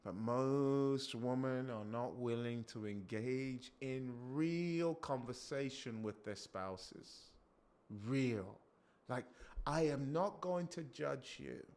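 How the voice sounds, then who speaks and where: A male preacher giving an animated sermon, acting out quotes and breaking off to comment on himself. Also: mid-range voice. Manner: animated, acts out quotes, self-interrupting.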